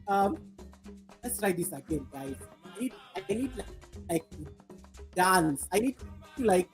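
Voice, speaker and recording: A woman's voice: mid-range voice, animated, brisk, a little mellow, soft background music. A woman hosting a casual live stream, playful and laughing, out of breath after dancing. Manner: playful, laughing, bursts of singing. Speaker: livestream host.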